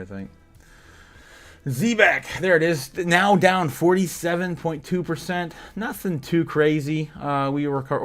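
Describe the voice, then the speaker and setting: A man's voice: fairly high pitch, fairly bright tone. A man hosting a casual crypto livestream, reading headlines and viewer chat with lots of filler sounds and frequent laughter.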